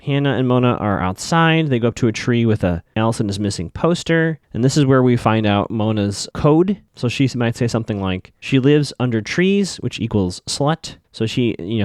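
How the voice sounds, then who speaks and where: A man hosting a podcast, casually recapping a TV episode scene by scene with lots of fillers and quick bits of acted-out dialogue. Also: mid-range voice, no room sound, studio quality. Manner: chatty, loose, many fillers, acts out characters' lines in passing.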